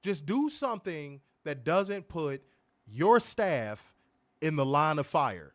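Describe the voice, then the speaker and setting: A man's voice: a little high, very animated, slow, fairly bright tone. A man co-hosting a wrestling podcast, ranting heatedly with plenty of profanity in a casual, fired-up way.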